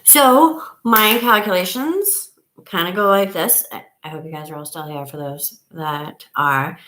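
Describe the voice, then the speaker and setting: A woman's voice: fairly low pitch, measured pace, a bit bright. A middle-aged woman hosting a casual live stream from home, chatty and rambling, trailing off as she counts. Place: at home, camera on a table. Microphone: device camera on a table.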